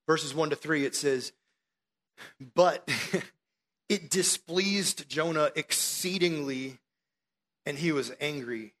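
A man preaching a sermon with animated storytelling, acting out the voices in the story. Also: a little high.

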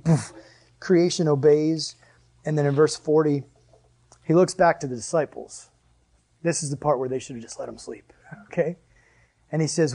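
A man with a high voice preaches a sermon as a pastor. He is animated and jokey, laughing between points. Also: normal speed.

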